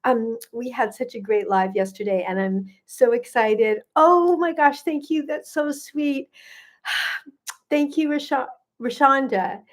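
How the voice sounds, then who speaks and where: A middle-aged woman who works as a gut health coach hosts a livestream, chatting warmly and greeting viewers by name. She has a high voice and takes her time speaking.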